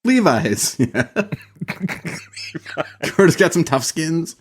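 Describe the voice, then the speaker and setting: Male podcast co-host, lively delivery, casual and profane. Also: fairly high pitch, takes it slowly, husky. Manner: animated, swears freely, laughs often. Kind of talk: casual chat recapping a sitcom.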